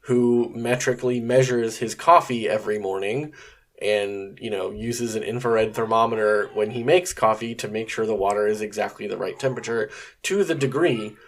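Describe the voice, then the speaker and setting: A man's voice: lowish voice, moderate pace. A man hosting a podcast on his own, talking conversationally with frequent fillers and some mild swearing. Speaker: podcast host. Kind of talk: casual solo podcast monologue.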